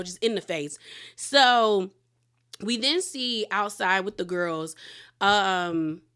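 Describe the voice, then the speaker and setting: Woman recapping reality tv, animated storytelling, acts out quotes. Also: medium pitch. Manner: animated retelling with laughter and acted quotes. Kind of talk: casual episode recap.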